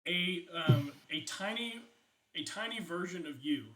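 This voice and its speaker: A man's voice: high-pitched, animated, a little slow, crowd noise. A man narrating as game master of a tabletop game, chatty, with many fillers and laughs.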